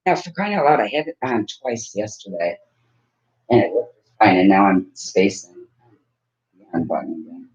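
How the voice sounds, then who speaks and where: A woman's voice: rumbling low, expressive, normal speed, long pauses, darkish tone, husky. A woman in her fifties chatting casually to camera at home, rambling and laughing often as she talks. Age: 50s. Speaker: vlogger. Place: at home with a dog. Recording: dull lo-fi recording.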